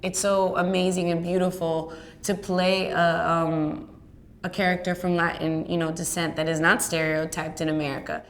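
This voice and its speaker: A woman's voice: lowish voice, normal speed. Chatty woman telling a story. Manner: chatty, animated storyteller with many fillers and laughs. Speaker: actress interviewed about her show role. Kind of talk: casual storytelling interview.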